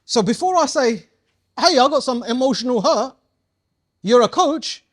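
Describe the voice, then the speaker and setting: A man's voice: very high-pitched, lively intonation, moderate pace, pauses often. A man leading a live coaching workshop, playful and slangy, quizzing his audience as he goes. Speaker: community coaching trainer.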